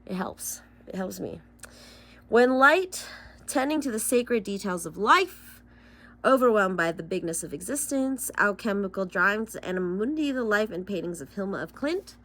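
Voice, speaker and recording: A woman's voice: mid-range voice, lively intonation, moderate pace, fairly bright tone. A young woman giving a casual tarot reading, chatty and loose, swearing and laughing between solemn card readings. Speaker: tarot reader.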